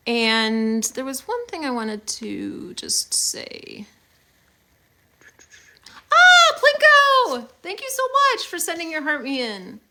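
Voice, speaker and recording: A woman's voice: sits high, very animated, a little slow, creaky, few pauses, background noise. A young woman hosting a casual livestream on her phone, chatty and upbeat as she thanks viewers, with many fillers. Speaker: livestream host.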